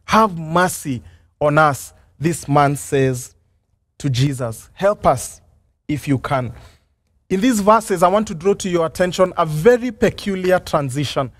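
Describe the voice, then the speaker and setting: A pastor preaching a sermon, earnest and reflective, asking rhetorical questions and sometimes stumbling over restarts. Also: male voice, a little high, lively intonation, measured pace, a bit bright, dry recording. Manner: hesitant restarts and fillers.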